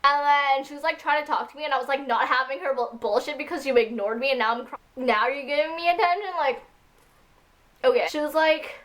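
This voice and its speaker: A woman speaks to camera in a high voice, rambling through her story. She is upset and fills every sentence with "like" and "freaking". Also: fairly quick, a bit bright. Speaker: vlogger.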